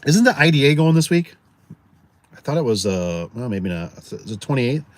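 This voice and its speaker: A man's voice: mid-range voice, big pitch swings, moderate pace. Man, casual livestream host, rambling, restarts, reads comments aloud. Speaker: garage door business owner, channel host.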